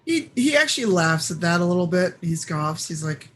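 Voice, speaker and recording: A man's voice: high-pitched, big pitch swings, moderate pace, fairly bright tone, slight background noise. A man playing a tabletop game, casually explaining and narrating his character's actions. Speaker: player.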